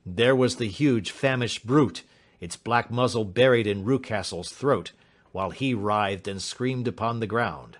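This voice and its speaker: Man narrating a classic audiobook. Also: on the low side. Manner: measured, dramatic reading. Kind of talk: scripted narration.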